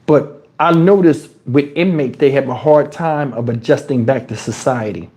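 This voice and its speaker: A man from New Jersey telling casual stories on his livestream in crude street slang, animated and jumping into high, shouted tones as he retells them. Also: normal speed. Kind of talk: casual storytelling. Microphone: wireless lapel mic.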